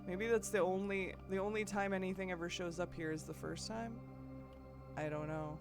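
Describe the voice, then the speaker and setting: A woman with a lowish voice streams a puzzle game live and talks through her choices out loud. She chats easily with her viewers and often restarts her sentences. Game music plays clearly behind her. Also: steady tone, moderate pace. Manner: thinks aloud, chatty with chat, hesitant restarts. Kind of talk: live gameplay commentary.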